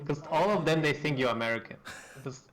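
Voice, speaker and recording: A man from Germany interviewing a friend, easygoing and quick to laugh. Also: on the high side, rough recording. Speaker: interviewer, esports worker. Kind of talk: casual interview chat.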